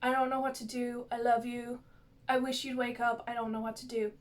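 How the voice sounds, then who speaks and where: Woman doing a pleading mother, earnest, highish voice, plain delivery. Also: level tone, a little fast, distant mic, lightly acted. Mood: tearful. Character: grown woman pleading with her son.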